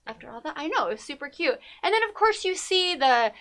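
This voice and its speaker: A woman's voice: high voice, sing-song, quick pace, a bit bright. A woman co-hosting a TV talk show, chatting casually and gushing about a documentary, with many fillers. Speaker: podcast co-host.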